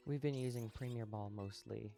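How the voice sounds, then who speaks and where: A man live-streaming a game, chatting casually with viewers while he plays, relaxed and a little sleepy. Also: mid-range voice, moderate pace, gravelly, over music. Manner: relaxed, talks to chat while playing, yawning.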